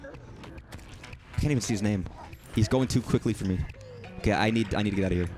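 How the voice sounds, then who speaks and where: A young man streaming a game, swearing freely and talking excitedly to himself as he plays. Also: lowish voice, a little fast, faint music behind. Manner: profane, excitable, talks to himself while playing. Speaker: gaming streamer. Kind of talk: live gameplay commentary.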